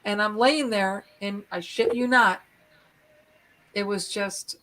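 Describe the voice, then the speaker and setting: A middle-aged woman hosting a live stream, rambling through an animated story and acting out the moments as she goes. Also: medium pitch, takes it slowly, long pauses, a little hiss or hum. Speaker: host.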